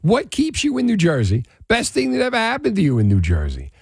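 A man hosting a radio call-in show, chatting in a lively, upbeat way with callers. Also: sits high, brisk, gravelly, breathy edge, no room sound, studio quality. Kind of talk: talk radio call-in chat.

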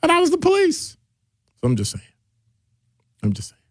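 A middle-aged man hosting a casual call-in radio show, talking in a digressive, animated way. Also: moderate pace, dry recording, clean studio sound. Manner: animated, digressive, jumps between deep and high voices. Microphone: studio microphone.

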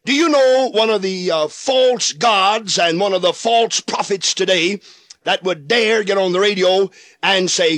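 A man's voice: high-pitched, animated, unhurried, fairly bright tone, no echo. A man preaching a sermon in an old-fashioned preacher's cadence, stretching out emphatic phrases and acting out the voices in the passages he quotes.

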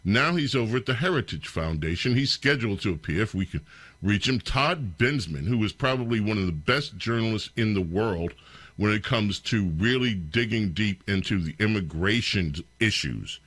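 A man hosting a talk radio show, commenting in a sarcastic, animated and incredulous way. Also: on the low side, moderate pace, husky, no echo.

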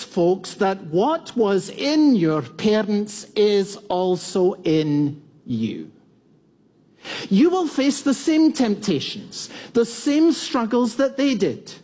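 Pastor in his 50s, high voice, unhurried sermon delivery, quizzes the congregation. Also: dark tone, slightly rough. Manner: teaching, asks the congregation questions and shows of hands. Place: church before a congregation.

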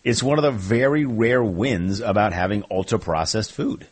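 A man's voice: lowish voice, normal speed, slightly rough. A man co-hosting a talk show, telling a joking, wry story in casual chat. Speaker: co-host.

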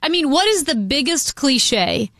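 Teasing bright-voiced female co-host. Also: high-pitched, sing-song, no echo, studio quality. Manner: teasing, quick to laugh. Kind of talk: casual chat.

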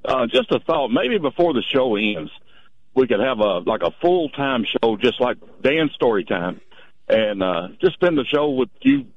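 A man's voice: mid-range voice, gravelly. A man calling a radio show, friendly and rambling with many fillers. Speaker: caller. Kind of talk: phone-in chat. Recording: tinny phone line.

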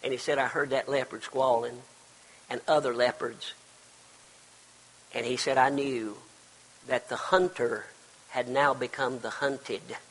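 An older man preaching a sermon as pastor, swinging between loud cries and hushed, quiet passages. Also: medium pitch, steady tone, measured pace, long pauses. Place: church sanctuary. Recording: long reverb of a large hall.

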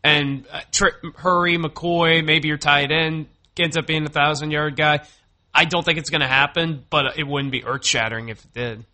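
A man co-hosting a sports radio show, giving measured, analytical takes on football. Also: on the high side, steady tone, sharp tone. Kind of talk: sports talk banter.

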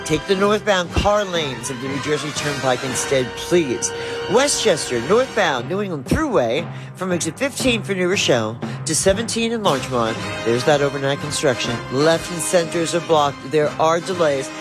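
A woman giving a radio traffic report, briskly rattling off road conditions from a traffic center studio. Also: low-pitched, lively intonation, over music.

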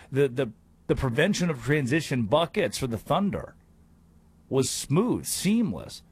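A man hosting a sports radio show, talking in an animated, jokey monologue. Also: mid-range voice, husky. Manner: animated, jokey, breaks into put-on voices.

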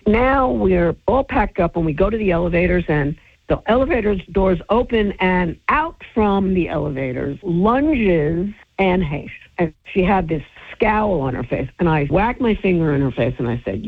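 Husky-voiced woman telling a story over a phone line. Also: measured pace. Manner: lively storyteller who acts out quotes with big pitch jumps. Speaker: entertainment reporter telling a story. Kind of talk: animated anecdote in an interview. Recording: tinny phone-line audio.

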